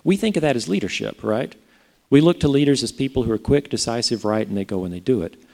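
A man's voice: mid-range voice, expressive, fast talker, gravelly, darkish tone. A man preaching a sermon in a conversational way, often putting rhetorical questions to his listeners. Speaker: pastor.

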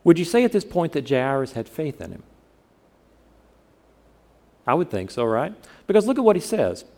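A man's voice: on the high side, huge pitch swings, normal speed, a little mellow. A man from the southern United States preaching a sermon in a conversational way, often asking his listeners questions. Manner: conversational, asks the congregation questions. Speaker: pastor.

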